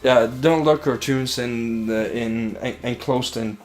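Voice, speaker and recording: A man's voice: mid-range voice, soft background music. Rambling young male gamer, casual. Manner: rambling, halting restarts. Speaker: let's play host. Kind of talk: casual gaming chat.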